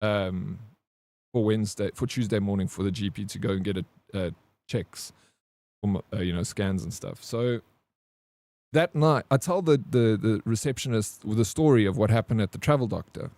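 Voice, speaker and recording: A man's voice: lowish voice, normal speed, a little mellow, no room sound. A man livestreaming, telling a story in a loose, slangy way, swearing and saying "bro" often while he greets his chat.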